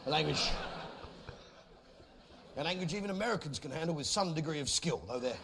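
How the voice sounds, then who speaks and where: A swaggering comic holding forth, his voice pitched high and punchy. The live recording carries a constant layer of noise beneath him. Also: expressive, a little fast. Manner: brash, swaggering, mock-patriotic. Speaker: stand-up comedian. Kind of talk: stand-up comedy routine.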